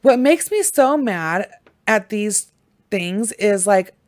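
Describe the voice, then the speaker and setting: A woman's voice: medium pitch, expressive, takes it slowly, no echo, clean studio sound. A young woman hosting a true crime show, talking casually and ranting angrily with lots of swearing. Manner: angry, profane, ranting; mocks people in put-on quoted voices. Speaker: true crime podcast host.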